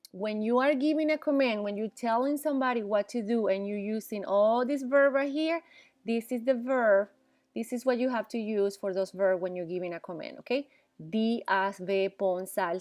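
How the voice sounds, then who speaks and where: A woman's voice: medium pitch, a little mellow. A woman teaching Spanish, explaining grammar patiently, repeating examples and often checking in with "okay?". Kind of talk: classroom grammar lesson.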